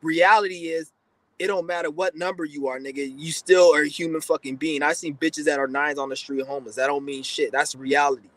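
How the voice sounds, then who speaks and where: A man with a fairly high voice holds forth in a blunt, profane, rambling monologue, often restarting his sentences. The sound is dry and close, with no room around it. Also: fairly even intonation, a little fast, a bit bright, dry recording, rough recording. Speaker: podcast host. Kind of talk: casual monologue.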